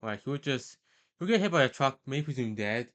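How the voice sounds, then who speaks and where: A man's voice: mid-range voice, expressive, a little fast, fairly bright tone. Hesitant, rambling young man. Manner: hesitant and rambling, many fillers and self-corrections. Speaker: video host ranking characters. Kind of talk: casual tier-list commentary.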